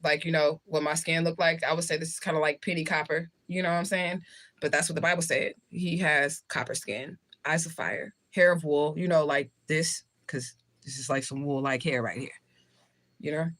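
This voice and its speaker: A woman's voice: sits low, steady tone, normal speed, fairly bright tone. Chatty woman livestreaming while snacking. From southern United States. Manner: rambling, talks while eating. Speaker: livestream host. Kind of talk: casual live chat with viewers.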